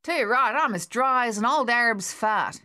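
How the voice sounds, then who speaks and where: A woman's voice: on the high side, animated, normal speed, pushed and bright, no room sound, studio quality, voice pushed up. A woman voicing a brash, rowdy male Australian soldier with a drawling Australian accent in an audiobook. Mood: cheeky. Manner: drawling, cheeky.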